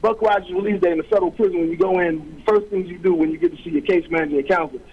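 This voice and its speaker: A man's voice: high-pitched, very fast, breathy edge, lo-fi sound. A middle-aged man, a guest author, telling his story in an interview with streetwise slang, acting out quoted voices.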